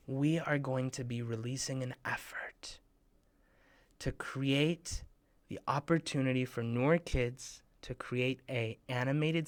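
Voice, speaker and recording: A man's voice: takes it slowly, no echo. Playful man hosting a kids' show. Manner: playful, bursts into excited high shouts. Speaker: host of a children's program. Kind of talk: talk to children.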